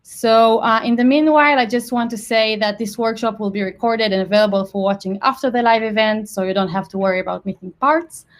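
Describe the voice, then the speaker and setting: A woman's voice: on the high side, fairly even intonation, brisk, few pauses. A woman hosting a live online workshop over a video call, welcoming the audience in a friendly way. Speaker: product marketing manager, webinar host.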